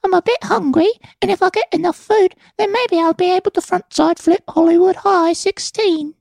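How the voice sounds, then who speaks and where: Meek little boy beggar, British-sounding, very high, gravelly, dry close mic. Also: normal speed, darkish tone, no room sound. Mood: pleading. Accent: British-sounding put-on. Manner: meek, pleading, asks politely again and again. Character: hungry little boy skateboarder, polite and begging.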